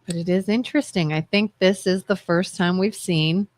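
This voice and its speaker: A woman co-hosting a casual live-streamed talk show, bantering in an animated, playfully defensive way. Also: fairly low pitch, normal speed, no echo. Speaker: co-host.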